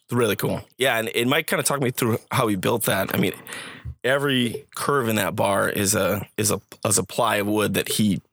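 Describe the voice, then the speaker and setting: Low gravelly guy, a bit husky, halting and admiring, dry sound. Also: fairly even intonation, a bit bright, no echo. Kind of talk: casual chat.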